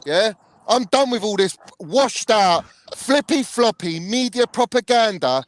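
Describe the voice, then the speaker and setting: A man's voice: high-pitched, animated, measured pace, no room sound. Angry sweary man ranting. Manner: angry, sweary, repeats "bruv" often. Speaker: channel host. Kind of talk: heated live chat rant.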